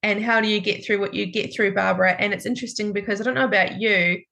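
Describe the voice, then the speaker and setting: A woman's voice: mid-range voice, fairly even intonation, fast, gravelly, bright, forceful tone. A woman in her forties hosting a podcast, speaking reflectively and affirming her guest as she thinks aloud. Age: 40s. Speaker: podcast host. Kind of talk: conversational interview.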